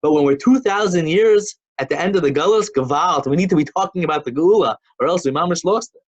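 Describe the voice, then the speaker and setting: A man's voice: a little high, fast talker, muffled recording, pitched above the performer's own voice, lightly acted. A man voicing a father who scolds his impatient son in a raised, insistent, lecturing tone. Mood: earnest.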